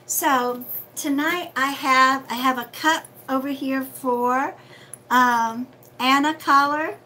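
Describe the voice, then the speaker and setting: A woman's voice: high-pitched, fairly even intonation, takes it slowly, sharp tone, a little hiss or hum, low-quality recording. A woman hosting a casual livestream as a psychic reader, chatty and friendly, calling viewers sweetheart.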